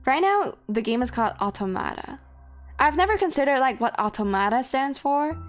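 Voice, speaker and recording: A woman's voice: sits high, animated, moderate pace. A young woman from Hong Kong streaming a game live. She reads the on-screen story text aloud and chats between passages, with lots of fillers and self-corrections. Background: faint game music and keyboard typing.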